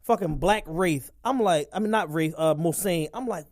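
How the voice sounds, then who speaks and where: A man's voice: on the high side, moderate pace, no echo, clean studio sound. A young man, telling stories on a casual podcast, laid-back with lots of filler words and swearing. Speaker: podcast co-host. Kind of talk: casual chat, storytelling.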